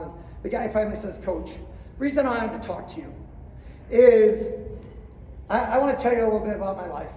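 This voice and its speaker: Middle-aged male clinic speaker, high voice, storytelling talk heard from a distance in a big room. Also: a little hiss or hum. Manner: storytelling, acting out quotes, swings from quiet to shouting. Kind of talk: motivational speech to coaches. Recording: roomy hall, distant mic, faint ambience.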